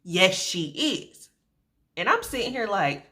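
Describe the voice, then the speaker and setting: A young woman vlogger telling a story to camera in a colloquial, animated way, with sarcastic asides. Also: mid-range voice, slow.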